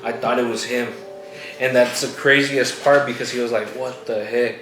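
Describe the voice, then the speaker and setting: A man's voice: mid-range voice, fairly even intonation, moderate pace. Rambling young man in an echoey room. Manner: rambling, slangy, lots of fillers. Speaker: vlog host. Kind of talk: casual storytelling. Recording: echoey room with music playing.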